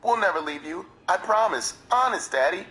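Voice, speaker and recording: A man's voice: sits high, lively intonation, normal speed, pushed and bright, pitched above the performer's own voice, low-quality recording. A man voicing a frightened ten-year-old boy who pleads tearfully with his stepfather. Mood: pleading.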